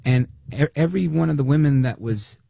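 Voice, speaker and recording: A man's voice: medium pitch, a little fast, creaky, slightly rough, no echo. A man hosting a talk radio show, delivering an opinionated monologue with sarcasm and mocking quotes. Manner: animated, sarcastic, mimics others in quotes.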